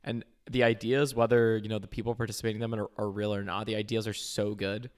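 Young guy podcast cohost, kinda low voice, rambly, lots of likes and ums. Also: flat delivery, fast. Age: young adult. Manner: rambling, many restarts and fillers. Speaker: podcast co-host. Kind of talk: casual chat.

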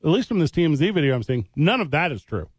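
A man's voice: a little high, very animated, fast talker, no room sound. A man co-hosting sports talk radio, arguing his point and choosing his words with care. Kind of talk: heated sports talk debate.

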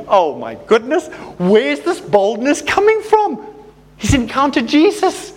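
A man preaching a sermon, reading scripture aloud and commenting with animated emphasis. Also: very high voice, takes it slowly.

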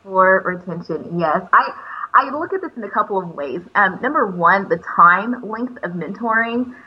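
Husky-voiced woman telling stories. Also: mid-range voice, expressive, moderate pace, muffled recording. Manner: warm storytelling with many fillers and restarts. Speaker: teacher educator and mentor. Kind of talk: casual podcast conversation.

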